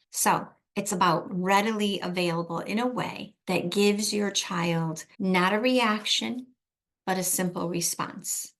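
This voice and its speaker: A middle-aged woman, a therapist, giving earnest advice in a direct talk, slowing down to stress key points. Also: medium pitch.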